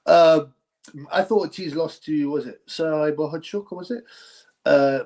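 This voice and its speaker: Male host, live boxing stream, rambling blunt slangy chat, mid pitch. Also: darkish tone. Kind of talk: casual live-stream chat reading viewer comments.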